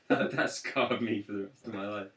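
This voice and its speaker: A man's voice: fairly low pitch, a little slow, fairly bright tone. A young man rambling through a story in a casual podcast chat, full of fillers. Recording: roomy sound, distant from mic.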